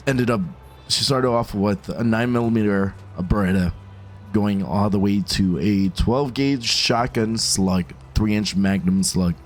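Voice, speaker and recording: Male instructor, casual storyteller, slightly low voice, animated and loose. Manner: animated, laid-back, swears casually. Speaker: firearms instructor.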